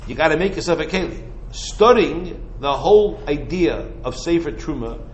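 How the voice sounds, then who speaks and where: A high-pitched man delivering an animated Torah lecture. He keeps asking his listeners rhetorical questions and drops Hebrew and Yiddish terms into casual English. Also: normal speed, dull audio, slight background noise. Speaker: rabbi teaching Torah.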